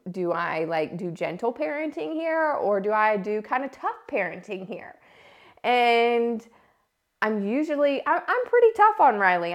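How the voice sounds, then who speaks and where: A woman, hosting a casual podcast and telling family stories with lively, animated delivery. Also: a little high. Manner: animated storytelling, acts out quotes loudly. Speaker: podcast host. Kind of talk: casual solo podcast talk.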